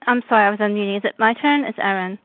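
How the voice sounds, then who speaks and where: A woman from north of Boston sharing her story in a halting way, full of fillers and restarts, over a video call. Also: medium pitch, no room sound. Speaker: meeting member sharing. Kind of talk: personal recovery share. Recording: tinny phone-like call audio.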